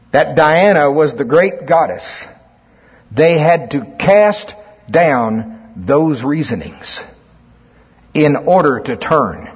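Reading from scripture and then explaining it, this preacher lets his volume rise in emphatic swells. His voice is fairly high and slightly rough, and the muffled lo-fi recording comes from an echoing hall.

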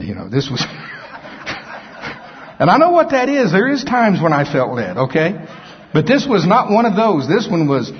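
Brief: male pastor, husky, folksy and self-mocking; sermon from a reverberant hall, lo-fi. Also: on the high side, huge pitch swings, measured pace, long pauses. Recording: echoey hall, dull lo-fi sound.

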